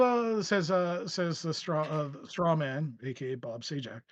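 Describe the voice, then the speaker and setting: A man running a tabletop game as its game master, theatrical and quick to laugh. His voice sits high and he narrates unhurriedly. The recording is dry and a bit dull. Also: dry recording. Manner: theatrical, laughs often, frequent fillers.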